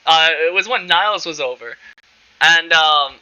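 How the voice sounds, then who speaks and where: A man's voice: on the high side, a little slow, sharp tone, clean tone. A young man from Canada telling stories about his past, rambling, laughing often and swearing freely. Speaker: podcast host. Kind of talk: casual storytelling. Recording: slightly muffled recording.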